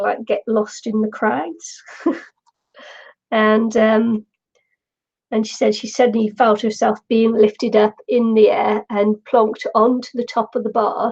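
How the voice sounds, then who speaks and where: A middle-aged woman from the UK chats her way through a craft project, rambling warmly with frequent laughs. Her voice is mellow and gravelly, and she takes her time. The recording sounds slightly muffled. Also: mid-range voice. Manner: chatty and rambling, laughs often. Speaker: craft vlogger. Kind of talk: casual chat while crafting.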